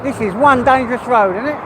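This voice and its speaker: High-voiced East London man outdoors. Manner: rambling, chatty, mild swearing. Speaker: vlogger. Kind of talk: casual live chat while walking a dog. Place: outdoors on an urban street with traffic. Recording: outdoor street noise and traffic.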